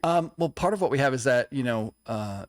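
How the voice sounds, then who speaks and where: A man's voice: medium pitch, animated, a little fast, no echo, studio quality. A young man telling a personal story in a conversation, earnest and confessional, acting out what others said. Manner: earnest, confessional, tells stories with quoted dialogue. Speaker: co-host.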